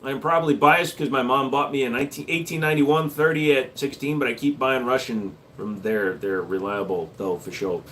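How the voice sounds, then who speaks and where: A man's voice: mid-range voice, steady tone, a little fast, few pauses, fairly bright tone, slight background noise. Joking, profane male streamer. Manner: joking, profane, answers chat questions. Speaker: livestream host. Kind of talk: casual livestream chat.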